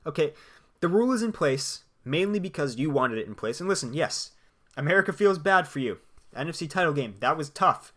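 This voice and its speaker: A young man hosting a solo sports podcast. He gives blunt opinions in a lively way and laughs between his points. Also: a little high, fairly quick. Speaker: podcast host.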